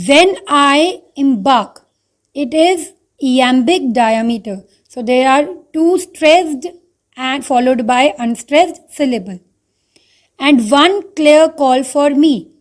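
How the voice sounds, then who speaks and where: A woman's voice: sits high, darkish tone. A woman teacher with an Indian English accent, explaining a poem over slides step by step and repeating key points. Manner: addresses students as children. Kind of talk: online slide lesson.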